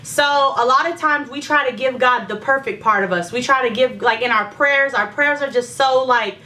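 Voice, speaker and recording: A woman's voice: fairly high pitch, moderate pace, bright, forceful tone, recorded from a distance, slight background noise. A young woman with heartburn chatting candidly through a pregnancy update, full of fillers and talk of faith. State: heartburn, secretly burping. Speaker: vlogger. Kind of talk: casual pregnancy update chat.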